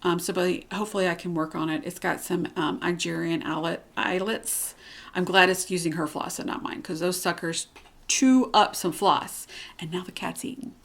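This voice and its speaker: Gravelly low-voiced woman vlogging from home. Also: steady tone, moderate pace, a bit bright. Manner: chatty, candid, lots of ums and restarts. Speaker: cross stitch channel host. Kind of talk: casual rambling vlog chat. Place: at home, cat nearby.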